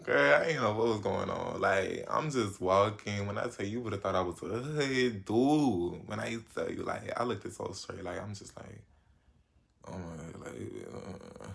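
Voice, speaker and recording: A man in his late teens telling a casual storytime vlog, slangy and animated, with sudden jumps in pitch and loudness. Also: moderate pace, creaky, few pauses. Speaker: vlogger.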